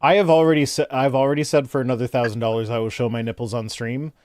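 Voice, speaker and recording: A man's voice: mid-range voice, level tone, quick pace, a little mellow, dry recording, studio quality. A man hosting a charity livestream, chatting loosely, swearing and reading out donations on a home streaming mic. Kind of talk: casual livestream chat.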